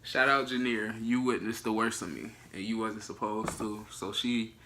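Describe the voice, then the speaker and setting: Young man, bright forceful voice, joking, casual storytime. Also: lowish voice, fairly even intonation, normal speed, a little hiss or hum. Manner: loose, joking, cuts in. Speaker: vlogger, storytelling half of a couple.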